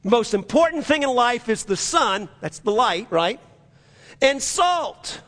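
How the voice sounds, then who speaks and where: A man's voice: very high-pitched, sing-song, takes it slowly, a bit bright, long reverb tail. A man preaching a sermon in a church, emphatic and repetitive, with frequent restarts. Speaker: pastor.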